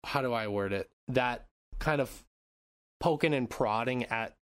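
A young man hosts a loose podcast chat, rambling through his thoughts, laughing often, and swearing casually. His voice sits at an ordinary pitch in a dry, close recording with no room echo. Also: measured pace, clear, resonant tone. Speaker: podcast host. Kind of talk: casual chat and episode recap.

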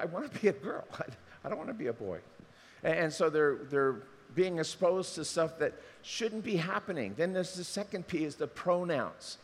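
Animated man preaching in a reverberant hall. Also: a little high. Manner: animated, acts out quoted voices. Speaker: pastor. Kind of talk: sermon.

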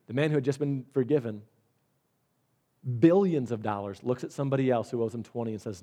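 A man's voice: medium pitch, fairly quick, warm tone. A man preaching a conversational sermon, reading scripture and explaining it with everyday examples, sometimes repeating words. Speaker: pastor.

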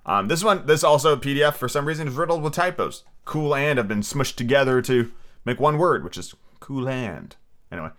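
A man's voice: medium pitch, lively intonation, a little fast, fairly bright tone. A man hosting a podcast, reading a storybook aloud with chatty, easygoing asides. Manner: chatty, self-correcting, easygoing. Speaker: podcast host and audiobook reader. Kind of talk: casual read-aloud with asides.

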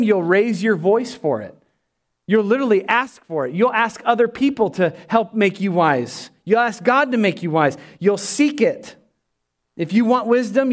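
Man, pastor, sermon, higher voice, emphatic, soft prayerful asides. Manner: emphatic preaching, drops to soft prayerful tones.

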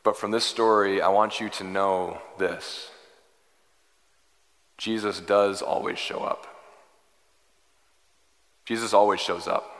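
A man preaching a sermon as pastor, earnest and pleading, moving from hushed, slow lines to emphatic, rising ones. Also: low-pitched. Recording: reverberant hall.

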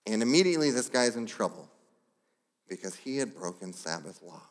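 A pastor delivering a sermon, telling the story with lively asides and brief voiced characters. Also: male voice, fairly low pitch, fairly quick. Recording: long hall reverb.

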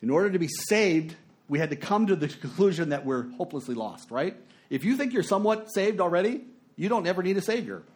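A middle-aged man preaching a sermon, telling a story and swinging between hushed and emphatic delivery. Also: high-pitched, animated, a little fast.

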